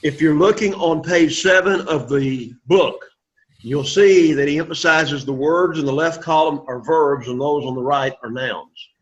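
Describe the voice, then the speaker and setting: A man's voice: fairly high pitch, measured pace. A man leads a classroom lesson in a slightly raised voice, cheering his students on and having them say each word back to him. The recording is dull and lo-fi, taken in the classroom. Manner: encouraging, repeats words for the class to echo. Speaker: Greek teacher. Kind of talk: classroom lecture.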